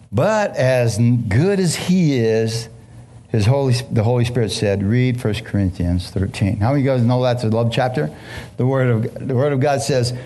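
A middle-aged man preaching a testimony to a congregation, impassioned and halting, with many restarts and questions thrown to the listeners. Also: mid-range voice, a little mellow, slight background noise. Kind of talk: emotional sermon testimony.

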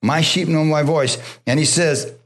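A pastor preaching a sermon, drawing amens from the congregation and dropping to a soft, low voice when he quotes God. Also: unhurried. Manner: call-and-response preaching, asking the congregation for amens; drops low and soft for God's voice, rises for emphasis.

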